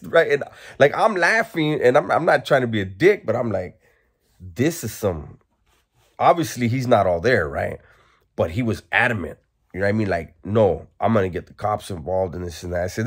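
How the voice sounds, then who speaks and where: A man telling a funny story in a casual, profane way, laughing now and then. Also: lowish voice. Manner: laid-back, profane, laughs while telling. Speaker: storyteller vlogger.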